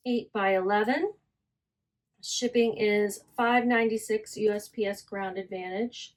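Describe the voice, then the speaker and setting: In this casual selling vlog, a woman who resells online reads listing titles and prices out loud while reviewing what she's sold, frequently stopping to fix what she just said. She's chatty, with a mid-range female pitch, a steady tone, and a slightly slow delivery.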